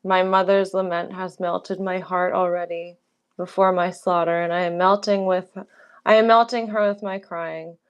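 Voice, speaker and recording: A woman reading the part of a young princess facing death in a dramatic reading, softly and tenderly. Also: lowish voice, flat delivery, normal speed, smooth, dull audio, natural voice. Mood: tender resigned. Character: young doomed princess, gentle and resigned.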